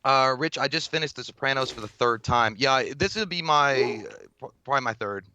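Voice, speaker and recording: A man's voice: medium pitch, expressive, fairly quick, bright, forceful tone. A man co-hosting a casual live stream who rambles, swears and reads viewer comments aloud, with plenty of fillers and false starts. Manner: rambling and profane, lots of fillers and restarts, reads chat aloud. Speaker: podcast co-host.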